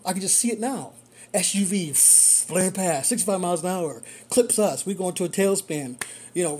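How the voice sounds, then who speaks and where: Rideshare driver, casual storytelling, mellow tone, husky, animated, repeats for emphasis. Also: medium pitch.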